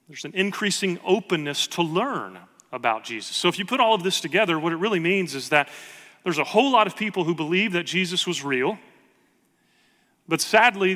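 A man preaching a sermon in a church, his voice bright and forceful and pitched a bit high. He reads scripture aloud with earnest emphasis, and a long reverb trails each phrase. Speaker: pastor.

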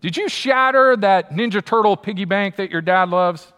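A man's voice: high-pitched, normal speed, sharp tone, clean tone, highs cut off, pitched above the performer's own voice. Man doing a stern scolding parent, interrogating, raised voice, hall reverb. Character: scolding parent questioning a guilty child.

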